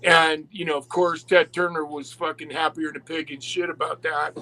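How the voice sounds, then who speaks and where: A man telling wrestling stories in casual chat, animated and swearing constantly. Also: fairly high pitch, normal speed, low-quality recording. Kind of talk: casual profane storytelling.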